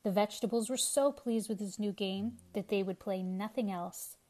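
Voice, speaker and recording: A woman's voice: medium pitch, normal speed, dark tone. Woman reading a storybook aloud.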